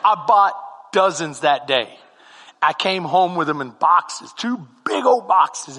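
A man preaching a sermon as comic storytelling, animated and now and then breaking into shouts. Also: on the high side, takes it slowly, big-room sound. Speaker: pastor.

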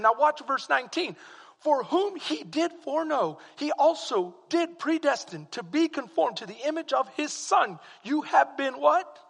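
Pastor guy preaching, really high bright voice, goes soft then shouts, big reverby church. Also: breathy edge. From Texas. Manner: preacherly, swings from quiet to shouting. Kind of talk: sermon. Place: church sanctuary. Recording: long hall reverb.

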